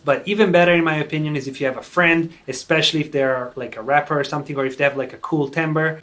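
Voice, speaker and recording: A man's voice: on the high side, fairly bright tone. A young man hosting a casual music-production tutorial, chatty and upbeat, with lots of "like" and "kinda".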